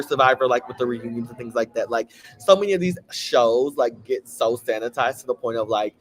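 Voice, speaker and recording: A man with a Southern US country twang hosting a casual, gossipy chat full of sassy asides. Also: medium pitch. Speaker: host.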